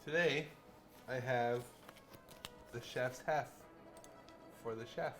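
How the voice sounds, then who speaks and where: A man's voice: medium pitch, takes it slowly, soft background music. A man co-hosting a cooking stream at home, joking and teasing in casual banter. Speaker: co-host.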